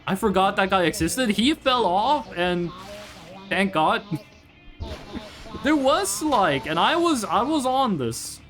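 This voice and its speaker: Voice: mid-range voice, big pitch swings, slow pace, pauses often, a bit bright, soft background music. A streamer chatting casually and rambling over gameplay, swearing freely and jumping between topics.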